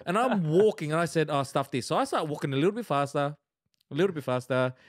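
A man, co-hosting a casual chat and telling an animated story, checking in with "right?" as he goes. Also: a little high, fast talker, no echo, clean studio sound. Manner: animated anecdotes full of "right?". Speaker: podcast co-host.

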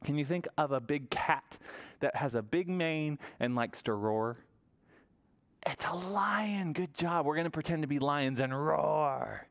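A man leading a library toddler story time, singing action songs and reading aloud in an animated sing-song way to small children. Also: fairly high pitch, unhurried, creaky.

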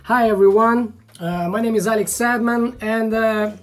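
A woman explaining a software fix in a casual tutorial, in halting non-native English full of fillers, frustrated and swearing now and then. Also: on the high side, fairly even intonation, soft background music. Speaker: video tutorial maker.

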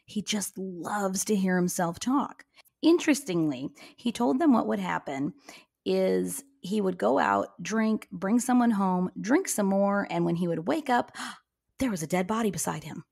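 A woman's voice: medium pitch, expressive, measured pace, gravelly, a little mellow. Blunt, sarcastic woman podcaster. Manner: blunt, sarcastic, swears freely. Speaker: podcast co-host. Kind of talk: casual true crime chat.

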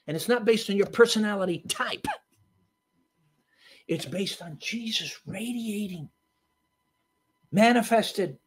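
A preacher delivering a sermon, emphatic and storytelling, swinging from loud bursts to hushed asides. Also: male voice, high voice, slow pace, pauses often, slightly rough.

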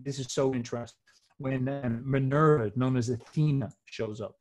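A man's voice: medium pitch, normal speed. A man talking casually and emphatically, explaining old myths in slangy, swearing speech.

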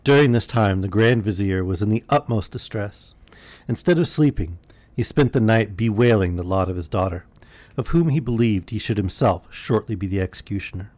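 A man reading a bedtime story aloud in a calm, measured way. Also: lowish voice, dry recording. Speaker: storyteller streamer.

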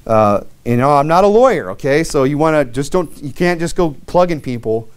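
A man's voice: a little high, expressive, brisk, clear, resonant tone. A man preaching a sermon through a long personal story, loose and conversational, with many fillers, restarts and wry self-mocking humor.

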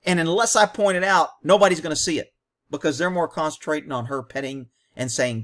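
A man's voice: a little high, a little fast, fairly bright tone. A man hosting a commentary on a training video, talking bluntly and combatively in short, punchy explanations.

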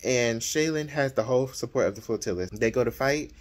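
A man talking through a novel's plot in a relaxed, conversational way. He keeps the retelling lively and drops into the characters' lines without changing his voice. His voice sits at an ordinary middle pitch. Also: a little fast. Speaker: book reviewer and author. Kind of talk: casual book recap.

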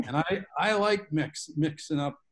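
A man's voice: fairly high pitch, unhurried. A man, a guest author, telling long stories with tangents in a book club discussion over a video call. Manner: rambling, self-aware storyteller with tangents.

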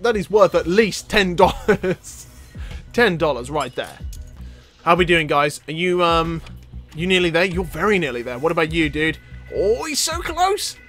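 Excitable, playful man doing game commentary. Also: fairly high pitch. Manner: playful, excitable, laughs often, talks to game characters. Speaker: gameplay video host. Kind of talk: casual let's-play commentary.

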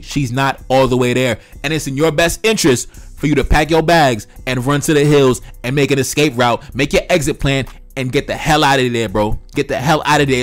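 A man's voice: a little high, fairly bright tone. A man giving heated opinion commentary, lecturing in a repetitive, profane rant. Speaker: online commentator.

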